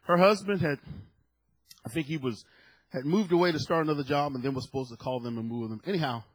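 A middle-aged male pastor preaching a sermon through a story, swinging from hushed telling to loud shouted points and acting out the people in it. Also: a little high, fast, husky. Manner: acts out the people in his story with voices.

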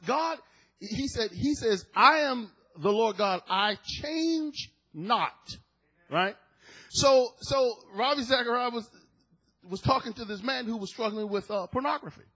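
A man preaching a sermon in a husky, slightly worn voice that sits high for a man. He moves between loud, emphatic declarations and quiet, hushed asides, stretching and rushing his words. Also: low-quality recording.

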